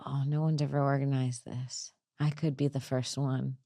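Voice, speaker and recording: A woman's voice: extremely low pitch, little pitch movement, moderate pace, warm tone. A woman comedian hosting a casual podcast, brash and rambling, often laughing at her own jokes.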